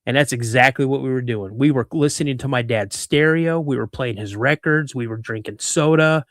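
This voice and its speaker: A man in his fifties from Washington State, telling a personal story as a podcast guest, animated, acting out the voices in it and often repeating himself. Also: mid-range voice, normal speed, no echo, studio quality. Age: 50s. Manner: repeats words and restarts mid-sentence. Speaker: guest, cryptid researcher.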